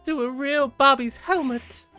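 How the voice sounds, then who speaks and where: A man's voice: very high voice, fairly even intonation, unhurried, bright, forceful tone, faint music behind, pitched above the performer's own voice, heavily acted. A man voicing a polite, eager young female assistant in a game. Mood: excited.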